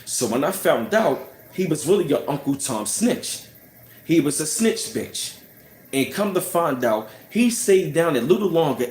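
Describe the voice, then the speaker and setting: A man's voice: fairly high pitch, darkish tone, slight background noise. A man telling a personal story in a casual, heated rant, scornful and full of "you know what I'm saying". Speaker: channel host. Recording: roomy echo.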